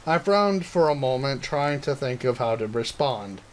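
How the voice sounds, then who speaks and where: Hoarse man reading a story aloud. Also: medium pitch, lively intonation, normal speed, slight background noise. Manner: stumbling, self-correcting reading. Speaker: reader of a visual novel.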